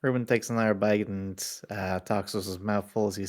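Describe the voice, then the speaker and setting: A man's voice: on the low side, steady tone, brisk, hardly any pauses, a little mellow. A man playing a tabletop game, narrating what his character does with many hesitant fillers. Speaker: player.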